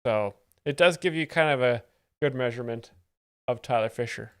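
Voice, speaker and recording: Deadpan sarcastic male streamer. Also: medium pitch, normal speed, clear, resonant tone. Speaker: stream host explaining jokes. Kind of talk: deadpan live-stream commentary.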